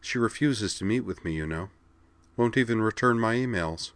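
A man's voice: lowish voice, moderate pace, a bit bright, smooth, no echo, pitched above the performer's own voice, close to an everyday voice. A man voicing a polite, formal woman counselor who asks probing questions, in a read-aloud story. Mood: prim. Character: prim adult woman school counselor, prying and easily flustered. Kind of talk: audiobook character reading.

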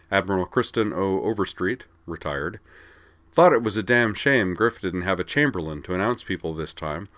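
A man with a low, deep voice reads a story aloud in a steady narrator's manner. The recording is close and dry, with no echo and no room sound whatsoever.

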